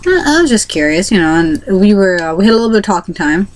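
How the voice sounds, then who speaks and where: A woman's voice: medium pitch, big pitch swings, fast, slight background noise, rough recording. A young woman vlogger telling a personal story casually to camera, rambling with many fillers and restarts.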